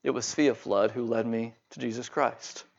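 A man reading the soft, reverent words of a grateful church leader in a sermon story. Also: mid-range voice, steady tone, moderate pace, vocal fry, lo-fi sound.

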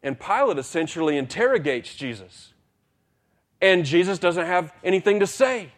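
A man's voice: high-pitched, expressive, moderate pace. A male pastor preaching a sermon, retelling a story with acted-out dialogue and repeated words as he builds intensity.

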